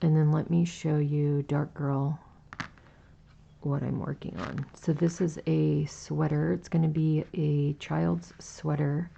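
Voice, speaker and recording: A woman in her forties hosts a crochet livestream, talking in a slow, gentle, chatty way with lots of little fillers as she reads out the chat. Her voice is very low, gravelly and raspy, with a warm, dark tone. The stream audio sounds dull and lo-fi. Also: level tone, slight background noise. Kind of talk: casual chat while crocheting.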